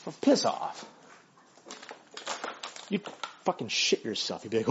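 A man's voice: medium pitch, big pitch swings, unhurried, vocal fry, fairly bright tone, a little hiss or hum. A man delivering a blunt, profane, argumentative monologue while walking his dog. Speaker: vlogger. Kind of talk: casual ranting monologue. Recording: dull lo-fi recording.

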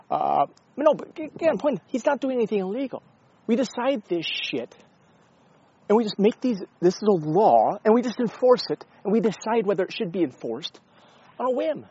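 A man's voice: high-pitched, a little mellow, husky, lo-fi sound. A man talking casually in a rambling, sarcastic way, with frequent swearing and self-interruptions. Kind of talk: casual opinion monologue.

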